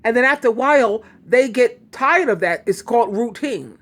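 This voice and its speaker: A woman's voice: fairly high pitch, lively intonation, normal speed, fairly bright tone. Chatty, giggly woman vlogger. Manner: chatty, giggly, rambling with frequent restarts. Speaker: YouTube advice host. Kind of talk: casual talk to camera.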